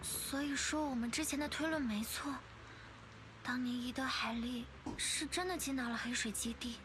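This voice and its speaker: An actress playing a shaken young woman who speaks softly, close to a whisper. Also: sits high, moderate pace, noisy background, lightly acted. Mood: subdued. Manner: soft, hushed, near-whispering. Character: shaken young woman facing her past, soft-spoken. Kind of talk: dubbed game cutscene acting.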